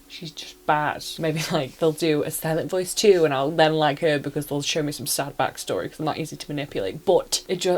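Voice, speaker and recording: A woman giving a casual, animated spoken review of a film and joking about herself along the way. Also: deep voice.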